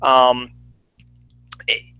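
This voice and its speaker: Rambling bright-voiced man reviewing a film. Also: very slow, no echo, faint music behind, low-quality recording. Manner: rambling, many fillers and restarts. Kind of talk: casual spoken film review.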